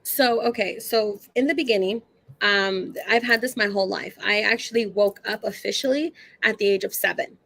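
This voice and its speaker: A woman's voice: medium pitch, normal speed, vocal fry, a bit bright, no echo. A woman who works as a psychic medium, telling stories as a guest in a casual, chatty way. She uses lots of fillers and acts out the dialogue in her stories. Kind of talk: casual storytelling.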